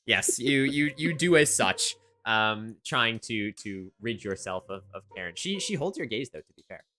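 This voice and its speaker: A man's voice: on the low side, expressive, normal speed, bright, forceful tone, faint music behind. A man narrating as the game master of a tabletop game, talking in a loose, rambling way with many restarts.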